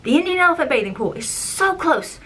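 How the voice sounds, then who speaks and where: A young woman in her twenties casually telling stories from her old job as a theme park ride guide, chatty and animated, acting out how she reacted back then. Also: high-pitched, fairly quick, slight background noise. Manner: animated, acts out her own past reactions; chatty, with frequent "like" and "um". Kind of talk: casual storytelling vlog.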